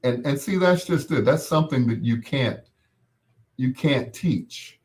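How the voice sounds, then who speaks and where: A man hosting a casual chat, animated and laughing often, calling people affectionate pet names. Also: mid-range voice, a little slow. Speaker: host.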